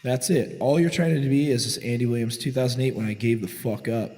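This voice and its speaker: A man's voice: mid-range voice, steady tone, a little fast, darkish tone, long reverb tail. A forty-year-old man telling rowdy, profane stories as co-host of a casual podcast recorded in a garage. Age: 40s. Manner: profane, boisterous, swaggering. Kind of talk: casual storytelling chat.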